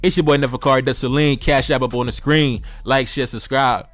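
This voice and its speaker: Fast-talking man lecturing emphatically. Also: mid-range voice, steady tone, fairly bright tone, faint music behind. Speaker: commentary channel host. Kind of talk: preachy direct-to-camera commentary.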